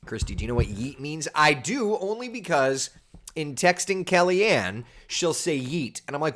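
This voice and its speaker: A man, chatting casually as a weather host and reading out viewer comments with animated, incredulous asides. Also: on the high side, moderate pace. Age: 30s.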